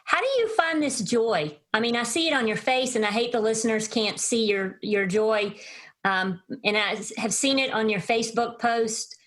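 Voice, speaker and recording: Fairly high-voiced woman podcast host. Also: normal speed, fairly bright tone. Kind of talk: interviewing a guest.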